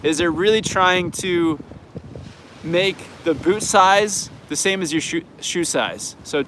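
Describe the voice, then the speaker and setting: A man's voice: high voice, slow pace, noisy background. A man with a Canadian accent hosting a live viewer Q&A, talking in an easygoing, frank way and thinking aloud. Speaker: snowboard coach and channel host.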